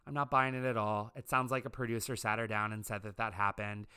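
Male commentator, gossipy and opinionated, crisp and bright. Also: on the low side, level tone, fairly quick. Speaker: reality TV commentator. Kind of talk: casual commentary monologue.

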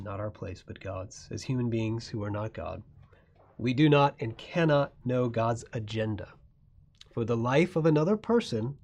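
A man's voice: gravelly, a little hiss or hum. Man preaching with rising emphasis. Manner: swings from soft, low asides to loud, rising emphasis. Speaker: pastor. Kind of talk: sermon.

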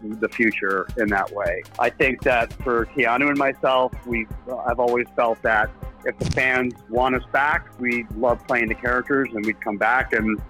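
A man's voice: medium pitch, steady tone, measured pace, pushed and bright, soft background music, poor audio. A man being interviewed as an actor and filmmaker, earnest and self-deprecating, laughing easily. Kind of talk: casual interview over a call.

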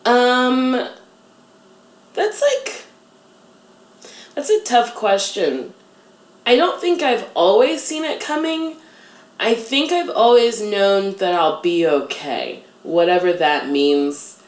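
A woman's voice: medium pitch, animated, slow pace. Chatty woman in an echoey room. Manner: chatty, self-deprecating, heavy use of "like". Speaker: interview guest. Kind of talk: casual interview chat.

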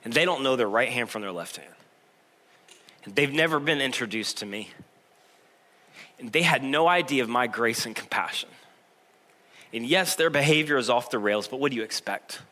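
A man's voice: mid-range voice, lively intonation, normal speed, pauses often, sharp tone. A man voicing God as a patient, fatherly male figure who asks a sulking prophet earnest questions. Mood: gentle. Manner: earnest, pleading rhetorical questions.

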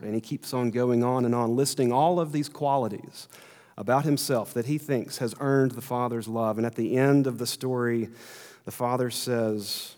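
A man's voice: mid-range voice, fairly even intonation, normal speed, a little mellow. Earnest male preacher in a reverberant hall. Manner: earnest, building emphasis, repeats words. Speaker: pastor. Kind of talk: sermon.

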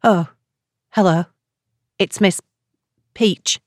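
Woman narrator doing a bitter, brittle female caller; low, dry audiobook read. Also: lively intonation, normal speed, no room sound. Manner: brittle, snappish. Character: bitter shaky middle-aged woman caller. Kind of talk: audiobook character reading.

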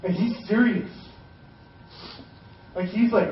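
High-voiced pastor in an echoey hall. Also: male voice, moderate pace, recorded from a distance, slight background noise. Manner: casual, joking retellings of scripture. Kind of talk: sermon. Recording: echoey hall, voice from off-mic, dull sound.

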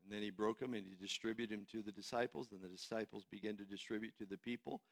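A male pastor preaching a sermon, swinging from hushed, low passages to loud, emphatic ones. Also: steady tone, quick pace.

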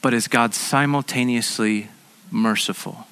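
A man's voice: medium pitch, unhurried, a bit bright, clear, resonant tone. A man preaching a sermon as a pastor, in a conversational way that often repeats words as he restarts.

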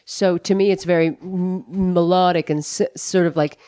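Expressive woman storyteller, dry close sound. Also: fairly low pitch, normal speed, no echo. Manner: animated storytelling, frequent swearing. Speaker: podcast co-host. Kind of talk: casual chat.

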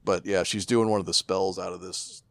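A man's voice: deep voice, level tone, moderate pace, fairly bright tone, no echo. A man co-hosting a book club podcast, talking in a laid-back, agreeable way with casual swearing.

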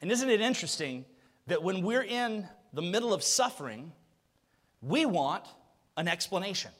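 Speaking at normal speed in a high voice, a man in his thirties delivers a sermon built around a story. He brings it to life with animated delivery, performing the voices of the people involved.

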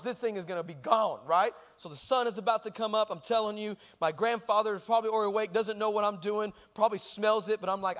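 In a big-room space, a Texan-accented pastor with a high voice talks at a quick pace, with hardly any pauses. His sermon features a comic story, and he shouts the punchlines and regularly checks with the congregation, asking whether they're with him.

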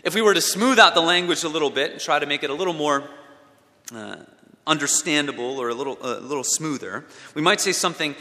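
A man's voice: a little high, fast talker, pushed and bright. A man giving a sermon as a pastor, asking his listeners questions and repeating words as he thinks. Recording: long hall reverb.

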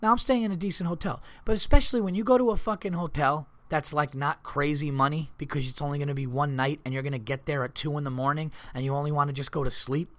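A man, a comedian hosting his podcast, telling stories in an animated, profane, exasperated rant. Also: a little high, fast, few pauses. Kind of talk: casual storytelling rant.

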